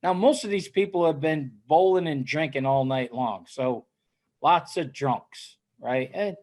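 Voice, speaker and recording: A man co-hosting a casual chat, telling an animated story and often tagging his lines with "right?". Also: on the high side, measured pace. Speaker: co-host.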